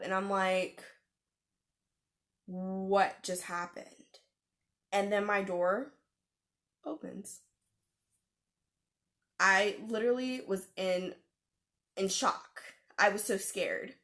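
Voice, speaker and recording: A young woman tells a personal story to the camera in a casual vlog style. She is animated and dramatic, with fillers and quick laughs. Her voice sits in a middle pitch. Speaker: vlogger.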